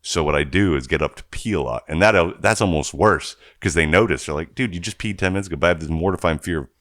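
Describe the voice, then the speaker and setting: Man, low voice, podcast co-host, animated storyteller who acts out his quotes, very dry close sound. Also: fast talker, no room sound. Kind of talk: casual chat, storytelling.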